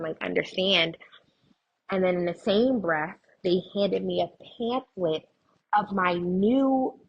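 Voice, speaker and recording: A woman's voice: on the low side, gravelly, husky, muffled recording. A woman guest in an interview, earnestly recounting personal experiences, restarting her sentences as she goes. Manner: earnest, tells anecdotes with frequent restarts. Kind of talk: emotional personal storytelling in conversation.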